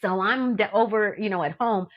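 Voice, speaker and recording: A woman sharing her personal faith testimony in a casual, animated way, acting out what people said with lots of "like" and fillers. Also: mid-range voice, normal speed, lo-fi sound. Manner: animated, acts out quotes, frequent "like". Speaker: testimony guest.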